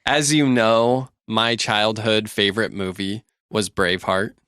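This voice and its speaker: A woman's voice: rumbling low, steady tone, a little slow, a bit bright, smooth, no echo, studio quality. A woman co-hosting a podcast in casual chat, joking and laughing as she talks. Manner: joking, laughs while talking. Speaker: podcast co-host.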